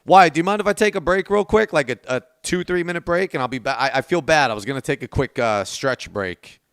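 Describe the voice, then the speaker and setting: A man streams a game from his desk, chatting casually with viewers, thanking donors, and addressing chat directly. His slightly high voice is bright and smooth, with lively intonation that rises and falls a lot, at a fairly quick pace. The audio is dry and close, with no room around it.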